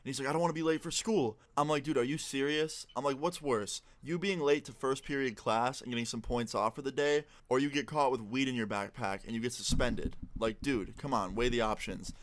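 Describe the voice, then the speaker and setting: A man's voice: medium pitch, a little fast, few pauses. A young man telling a casual, rambling personal story while gaming, with lots of "like". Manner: rambling, relaxed, heavy use of "like". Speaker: gaming video narrator. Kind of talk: casual storytime over gameplay.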